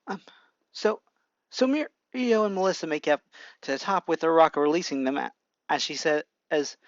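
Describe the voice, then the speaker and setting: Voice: medium pitch, lively intonation, brisk. An amateur narrator reads their own fan fiction in a rambling way, restarting sentences often. The sound is dull and lo-fi from a home mic. The room is dry, with no echo. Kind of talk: casual fan-fiction reading.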